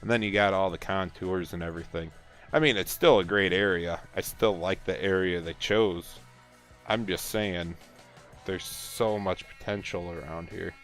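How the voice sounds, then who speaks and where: A man's voice: low voice, normal speed, faint music behind. A man chatting casually and teasing viewers while streaming a farming game. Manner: relaxed, chatty, teasing chat. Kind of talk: casual gameplay livestream chat.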